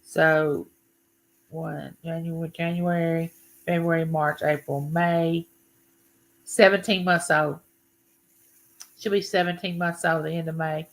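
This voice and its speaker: A woman's voice: low-pitched, level tone, a little slow, pauses often. A woman hosting a casual live stream, chatting and greeting her viewers by name. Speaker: livestream host.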